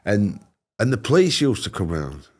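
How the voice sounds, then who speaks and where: A man with a lowish, very lively voice and a tells a pub story. He talks bluntly and animatedly, swooping up and down as he goes. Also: moderate pace. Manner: animated, blunt, dialect grammar. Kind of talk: casual anecdote telling.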